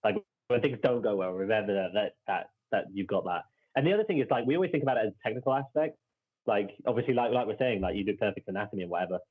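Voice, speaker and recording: A man chatting fast as a podcast host, piling on "like" and restarting his sentences. His voice sits a little low and husky. It comes through a thin, phone-like line. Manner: rambling, many fillers and restarts. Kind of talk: casual chat.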